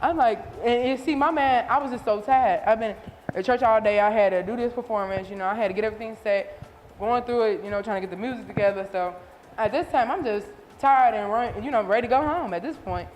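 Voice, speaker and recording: Animated woman interviewer in a reverberant room. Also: on the high side, quick pace, slight background noise. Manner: animated storytelling, voices others. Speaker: interviewer and showcase host. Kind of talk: casual chat.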